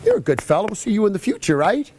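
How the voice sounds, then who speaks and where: This middle-aged man, a clinician at a horse clinic, talks very fast in a high-pitched voice with wildly swooping pitch and a dark tone. His casual coaching in the arena is rambling and chatty, peppered with "you know" asides.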